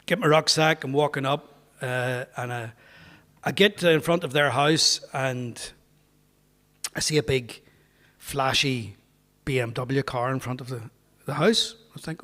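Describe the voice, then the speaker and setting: A man's voice: mid-range voice, a little slow, pauses often, a bit bright. A man with a Northern Irish accent, a pastor telling a humorous story to an audience in a chatty, anecdotal way. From Northern Ireland. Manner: anecdotal, chatty, acts out quoted voices. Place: parish hall. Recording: reverberant parish hall.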